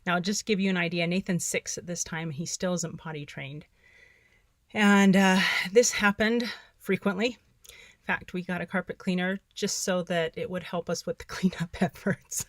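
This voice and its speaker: A middle-aged woman hosting her own podcast, reading journal entries aloud in an earnest, soft-spoken way with the odd wry laugh, then sharing tips. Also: deep voice, no room sound, studio quality. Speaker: podcast host.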